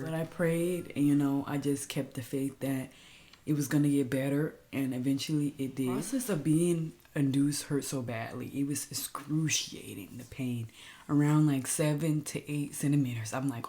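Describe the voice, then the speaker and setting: A woman's voice: very deep voice, moderate pace, a little mellow. A young woman vlogger telling her own story in a candid, chatty way, sometimes dropping to a near-whisper. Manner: chatty and candid, drops to a near-whisper when reliving stress. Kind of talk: casual personal storytelling to camera.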